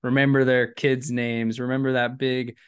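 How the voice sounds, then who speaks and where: Podcast host dude, mid-pitch voice, recapping what the guest said. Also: male voice, little pitch movement, normal speed, smooth. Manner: summing up, affirming. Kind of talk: interview chat.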